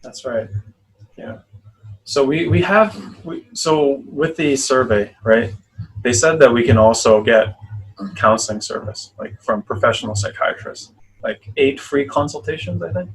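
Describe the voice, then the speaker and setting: A man's voice: mid-range voice, measured pace, slightly rough, low-quality recording. A man in his twenties hosting a casual podcast chat, easygoing and self-deprecating. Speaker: podcast host.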